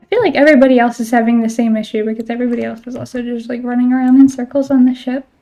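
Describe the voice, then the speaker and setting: Woman game streamer, casual chat, higher voice, mellow tone, faint music behind. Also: fairly even intonation, rapid-fire, muffled recording. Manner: chatty, fills talk with "like", swears casually.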